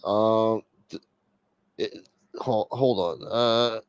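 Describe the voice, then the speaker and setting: A man's voice: lowish voice, extremely slow, smooth, dry recording, muffled recording. A man hosting a late-night livestream, chatting casually in a blunt, profane, streetwise manner. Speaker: livestream host.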